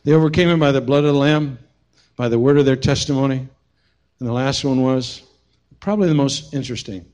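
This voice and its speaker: A man's voice: medium pitch, brisk. A man preaching a sermon as pastor, telling stories with humorous asides. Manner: storytelling, humorous, animated asides.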